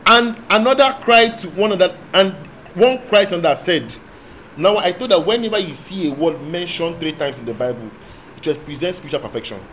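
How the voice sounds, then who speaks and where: Guy preaching, bit high voiced, asks the crowd questions, faint hum behind. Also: fairly quick, poor audio. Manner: swings from quiet asides to loud proclamation, asks call-and-response questions; speaks in tongues at times. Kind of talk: sermon.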